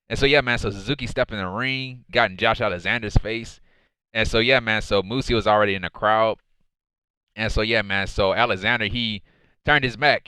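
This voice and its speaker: A man's voice: fairly low pitch, sharp tone, clean tone, dry recording. A man casually recapping a wrestling show, rambling and leaning on repeated fillers.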